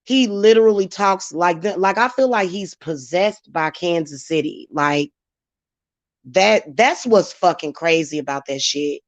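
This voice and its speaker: A woman's voice: fairly low pitch, a little slow, no room sound, highs cut off. A woman hosting her channel, ranting heatedly and profanely at commenters in a live-stream vlog. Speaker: channel host and spiritual reader. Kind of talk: live-stream rant to viewers.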